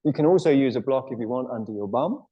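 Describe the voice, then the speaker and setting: A man's voice: mid-range voice, lively intonation, quick pace, slightly rough, dull audio. A man guiding a live yoga class in a studio, chatty and playful, laughing often. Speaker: yoga teacher.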